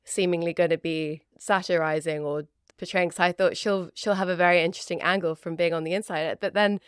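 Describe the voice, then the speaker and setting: A woman from the United Kingdom co-hosting a film podcast, lively and quick to react in casual chat. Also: lowish voice, smooth, no echo, studio quality. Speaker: podcast co-host.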